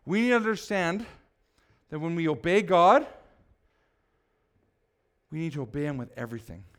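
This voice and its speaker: A man's voice: a little high, very animated, moderate pace. A man preaching a sermon as pastor, speaking emphatically and asking the congregation questions.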